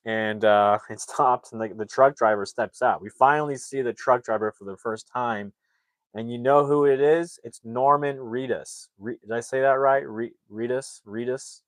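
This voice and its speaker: A young man talks through a movie's plot in a loose, rambling way, slipping into the characters' lines as he retells each scene. His voice sits at a middle pitch, and the recording is dry, with no room sound. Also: normal speed, dry recording. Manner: rambling, animated retelling with acted-out quotes. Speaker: movie reviewer. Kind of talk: casual plot recap.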